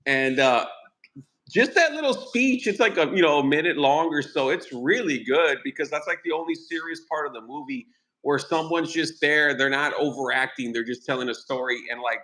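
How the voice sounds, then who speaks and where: A man's voice: a little high, lively intonation, normal speed, bright, forceful tone. A man hosting a podcast, chatting casually about a movie in a rambling, profane way. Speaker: podcast host.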